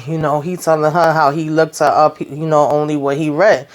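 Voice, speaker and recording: A woman's voice: sits low, little pitch movement, moderate pace. A woman casually recapping a TV drama episode, retelling the scenes in a chatty way and briefly acting out what the characters say. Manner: chatty retelling, acts out quoted lines. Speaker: show recap host.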